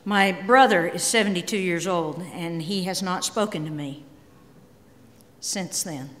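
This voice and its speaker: A middle-aged woman giving a candid, emotional personal talk on stage, swinging between quiet and emphatic. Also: on the low side, measured pace, a little hiss or hum. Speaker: speaker. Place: large hall. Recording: long hall reverb.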